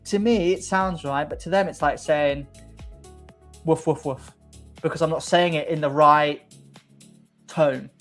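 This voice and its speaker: A man co-hosting a livestream, talking in a halting, laid-back casual way with many restarts. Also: a little high, fairly even intonation, a bit bright, soft background music. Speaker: livestream co-host. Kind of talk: casual chat.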